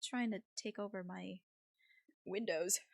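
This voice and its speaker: A woman's voice: medium pitch, fairly even intonation, measured pace, vocal fry, dry recording, clean studio sound. A woman putting on a vain Valley-girl witch. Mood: vain drawl. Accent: put-on Valley girl. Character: airy stylish young witch girl, vain.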